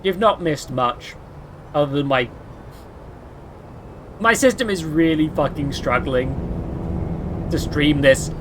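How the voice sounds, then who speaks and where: A woman streamer commenting on a game in a rambling, excitable way and swearing often. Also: deep voice, slow, pauses often, background noise. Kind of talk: casual gameplay commentary.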